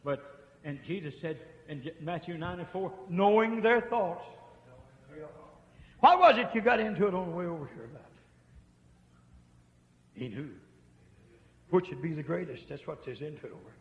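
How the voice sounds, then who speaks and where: A man preaching a holiness sermon, telling folksy stories and swinging from hushed pleading to shouting. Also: on the high side, animated, fairly quick, pauses often. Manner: folksy storytelling. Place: church sanctuary. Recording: muffled echoey church tape, faint hiss.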